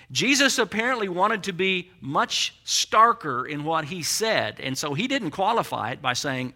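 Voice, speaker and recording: A man's voice: fairly high pitch, bright, forceful tone. A man preaching a sermon, emphatic and explanatory, with dry humorous asides. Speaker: pastor.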